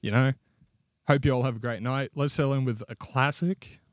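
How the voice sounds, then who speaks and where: A man's voice: mid-range voice, steady tone, moderate pace, no room sound, studio quality, lightly acted. A man with an Australian accent doing an impression of a laid-back male pop singer greeting a crowd. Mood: easygoing.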